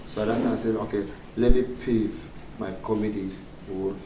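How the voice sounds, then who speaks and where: A comedian guest, male, chats in an easygoing interview with a lowish, dark voice, fairly even intonation, and a fairly quick pace. Frequent laughter and broken, pidgin-tinged wording mark his talk, captured in roomy, far-off audio with faint background noise.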